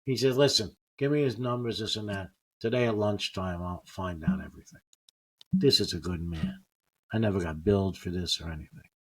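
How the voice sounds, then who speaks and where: A man's voice: low-pitched, brisk, breathy edge. An older man, a comedian, telling personal stories casually and acting out what others said. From United States. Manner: animated anecdotes, acting out quotes. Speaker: guest comedian. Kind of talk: casual storytelling.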